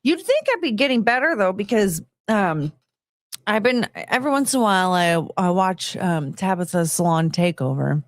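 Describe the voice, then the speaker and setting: A woman's voice: medium pitch, lively intonation, moderate pace, no echo, clean studio sound. A woman live streamer chatting casually and rambling, often poking fun at herself and greeting her chat. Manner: rambling, self-mocking, greets chat in a sing-song lift.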